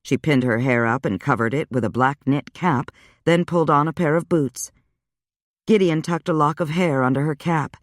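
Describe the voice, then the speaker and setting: A man narrating a dark romance audiobook in an even, measured storytelling voice. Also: fairly high pitch, dry recording, clean studio sound. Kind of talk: scripted narration.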